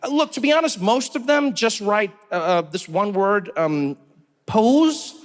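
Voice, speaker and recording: A man's voice: sits high, normal speed, very noisy, natural voice. A man acting out a laid-back male colleague who hesitates and stammers through bad news. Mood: hesitant. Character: hesitant young male American team member.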